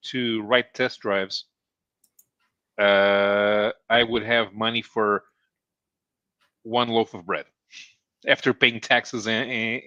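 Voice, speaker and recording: A man hosting a casual livestream hangout, talking in a hesitant, halting way with many restarts. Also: fairly low pitch, bright, forceful tone, dry recording, dull audio. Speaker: stream host.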